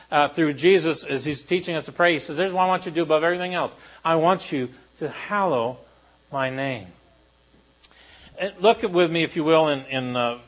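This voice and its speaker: A male pastor preaching a sermon to a congregation, shifting between animated emphasis and quiet, solemn lines. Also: fairly high pitch, low-quality recording.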